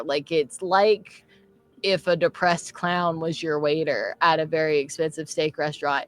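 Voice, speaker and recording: A low-pitched woman runs a tabletop game as game master, narrating with animated swings in energy and laughing often.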